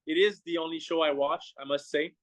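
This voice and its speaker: A man with a Québécois French accent, a chef speaking English as a second language, halting with many restarts in a casual interview. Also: fairly high pitch, steady tone, no room sound. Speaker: chef guest.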